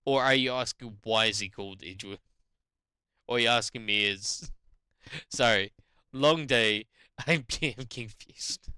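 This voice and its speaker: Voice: medium pitch, a little slow, long pauses, bright, forceful tone, clean tone, no echo, clean studio sound. A young adult streamer with a New Zealand accent, chatting with a giggly, rambling manner while reading game text aloud. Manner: giggly, rambling and self-mocking.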